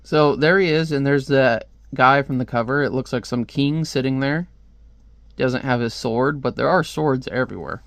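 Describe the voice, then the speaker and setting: A man's voice: medium pitch, normal speed, creaky, fairly bright tone, no echo. A man casually reviewing a comic book, talking in a rambling, chatty way with lots of fillers.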